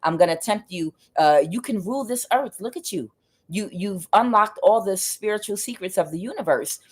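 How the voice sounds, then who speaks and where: A man's voice: high-pitched, animated, normal speed, husky. A woman voicing the devil as a male tempter, who coaxes and persuades with offers of power. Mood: coaxing. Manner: coaxing, persuasive.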